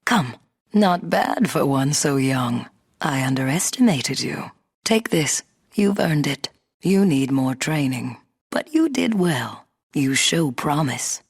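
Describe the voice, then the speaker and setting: A proud veteran summoner speaks with calm authority in a game. Her voice sits low and husky. She takes her time over each phrase. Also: heavily acted. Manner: stately, measured. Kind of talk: game voice acting.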